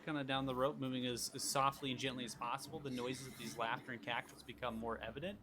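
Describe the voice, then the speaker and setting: A man running a tabletop game as game master, narrating scenes in a relaxed, descriptive way with fillers, music playing behind. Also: medium pitch, fast talker. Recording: background music.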